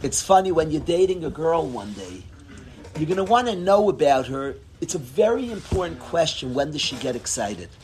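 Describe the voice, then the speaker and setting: A man teaching a Torah class in a casual lecture, expressive, swinging between low tones and loud bursts. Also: normal speed. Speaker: rabbi teaching students.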